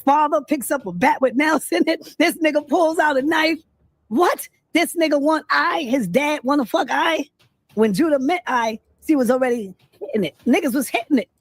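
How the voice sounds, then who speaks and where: A woman hosting a livestream, reacting to a clip with loud exclamations and talking straight to her viewers. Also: high voice, moderate pace, no echo, clean studio sound. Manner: exclaiming, addresses viewers directly. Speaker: livestream commentator. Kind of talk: casual reaction commentary.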